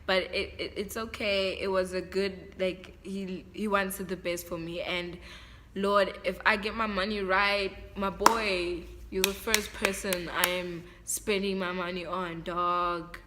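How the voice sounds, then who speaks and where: A woman's voice: mid-range voice, level tone, unhurried, sharp tone, slight background noise. A young woman with a South African accent talking to her viewers in a casual vlog, heartfelt and chatty, often repeating herself. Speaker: vlogger. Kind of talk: casual vlog talk to camera.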